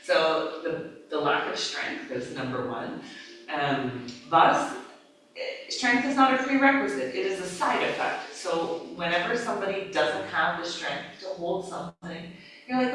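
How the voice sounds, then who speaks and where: Yoga trainer, female, casual and animated, heavy room echo, faint background hum. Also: lowish voice, moderate pace. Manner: casual, lively, acts out cues, laughs often. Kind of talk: live teacher-training class talk. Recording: echoey room, mic far off.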